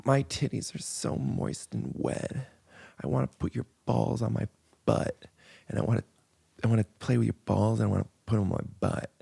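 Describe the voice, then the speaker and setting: A man voicing a crude, sultry phone-sex woman in a breathy whisper. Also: fairly low pitch, moderate pace, warm tone, pitched above the performer's own voice, full character voice. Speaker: podcast host.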